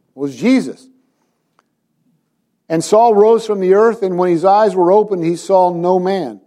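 A man's voice: high-pitched, unhurried, long pauses, mellow. A man preaching a sermon to a congregation, retelling scripture and asking his listeners direct questions. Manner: dramatizes scripture with quoted voices. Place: church.

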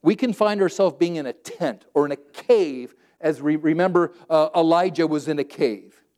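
Pastor guy from socal, high voice, lively chatty preaching, keeps it plain. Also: moderate pace. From Southern California. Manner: animated, conversational preaching with dramatized scripture quotes; plain, everyday wording. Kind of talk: sermon.

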